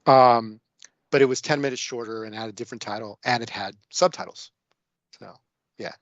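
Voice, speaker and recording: Male podcast guest, mid pitch, meandering storyteller, dry muffled recording. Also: normal speed, dry recording. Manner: rambling storytelling with many fillers. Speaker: guest film discussant. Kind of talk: casual podcast film chat.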